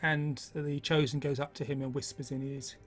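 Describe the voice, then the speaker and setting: A man narrating a tabletop game as game master, in a slow, hushed storytelling manner. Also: medium pitch, flat delivery, faint music behind.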